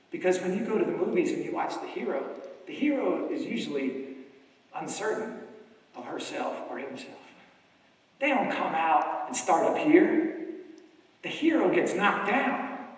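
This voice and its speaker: A man's voice: high voice, big pitch swings, normal speed, pauses often. A middle-aged man from New York City giving a rousing motivational stage speech, coaxing the crowd with repeated calls. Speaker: motivational speaker. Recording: echoey hall from far off, faint music.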